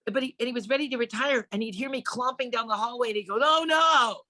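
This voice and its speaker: A woman in her sixties, a comedian guest on a podcast, telling stories in casual chat with a deadpan delivery, acting out quoted voices. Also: on the high side, very fast, dry recording.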